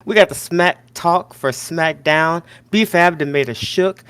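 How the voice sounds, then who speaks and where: A man's voice: a little high, slow, fairly bright tone, smooth, no room sound. A man co-hosting a wrestling podcast, joking around and rambling in disbelief. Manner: jokey, incredulous, rambling. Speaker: podcast co-host. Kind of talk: casual podcast chat.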